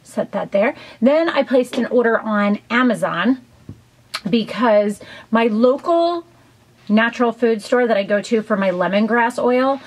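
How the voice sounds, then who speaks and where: A woman's voice: a little high, unhurried, low-quality recording. A woman chatting casually in a beauty haul video, enthusiastic and rambling with lots of ums and side comments. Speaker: beauty vlogger.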